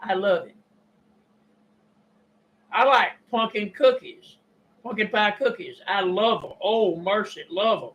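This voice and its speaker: An older man with a Kentucky drawl, talking in a rambling, folksy monologue and clearing his throat often. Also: sits high, slow pace, long pauses, a bit bright, highs cut off. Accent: Southern US (Kentucky). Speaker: YouTube preacher and storyteller. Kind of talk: casual monologue.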